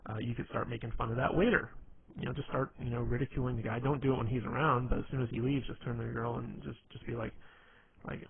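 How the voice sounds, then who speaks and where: A man's voice: mid-range voice, fairly even intonation, fast, gravelly. A young man giving casual dating advice in a rambling monologue, full of "you know" fillers and stammered restarts. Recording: tinny phone-like audio, faint noise.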